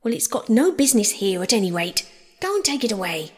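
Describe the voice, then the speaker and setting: A woman voicing a fussy, bossy male rabbit who scolds his servants in a high, sharp voice. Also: sing-song, quick pace, in a large hall, lightly acted. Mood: scolding.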